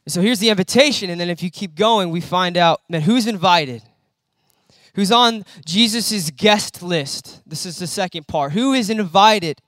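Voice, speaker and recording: A young man preaching a conversational sermon in a church hall, animated and acting out the quotes he tells. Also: high voice, unhurried, studio quality.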